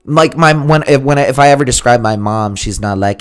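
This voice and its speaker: A man's voice: medium pitch, fairly quick, smooth. A young man co-hosting a casual podcast, telling rambling stories, swearing freely and acting out what people said. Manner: rambling storyteller, swears freely, acts out quotes. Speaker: podcast co-host, comedian.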